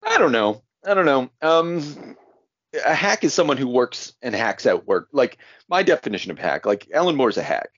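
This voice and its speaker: A man's voice: mid-range voice, very animated, moderate pace, a bit bright, husky, no echo. A man co-hosting a podcast in casual chat, rambling and hedging with a wry edge, recorded dull and dry. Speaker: podcast co-host.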